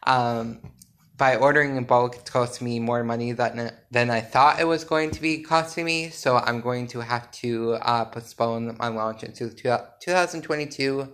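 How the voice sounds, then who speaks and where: A man's voice: mid-range voice, fairly even intonation, normal speed, a bit bright. Sleepy man giving a rambling update. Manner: rambling, filler-heavy, self-correcting. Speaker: podcast host and small business owner. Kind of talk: casual solo podcast update.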